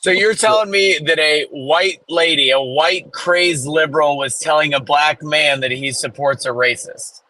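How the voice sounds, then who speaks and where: A man's voice: on the high side, unhurried, hardly any pauses, bright, forceful tone, dry recording. A man co-hosting a podcast in casual chat, hesitant and often restarting sentences. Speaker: podcast co-host.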